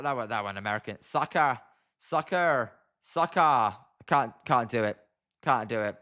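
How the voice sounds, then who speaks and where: A man's voice: fairly high pitch, a bit bright. A British man hosting a casual live baseball watch-along, chatting with viewers between calls of the play. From Britain. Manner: chatty, answers viewer chat messages. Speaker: livestream host.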